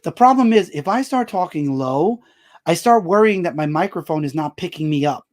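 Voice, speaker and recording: A man hosting his own live stream, talking loudly and joking as he answers viewers' comments. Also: fairly high pitch, moderate pace. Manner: loud, animated, jokey, answers chat comments aloud. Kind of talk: casual live-stream chat.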